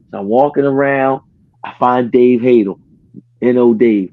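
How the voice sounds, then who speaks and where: A man hosting a podcast, telling a story in casual chat, animated, acting out what others said and often restarting his sentences. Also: mid-range voice, moderate pace, highs cut off. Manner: animated, acts out quoted dialogue, frequent restarts. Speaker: podcast host.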